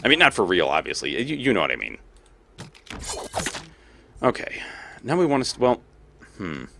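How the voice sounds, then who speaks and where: A man's voice: on the low side, huge pitch swings, normal speed, gravelly, bright, forceful tone, a little hiss or hum. A young man casually commenting on his own gameplay as a let's play host, thinking aloud and laughing often.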